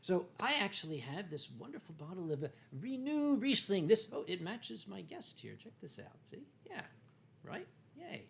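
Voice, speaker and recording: With a high-pitched, gravelly voice that swings widely in pitch at a normal speed, an older American livestream host chats casually over wine. He jokes and wanders, using many fillers and restarts.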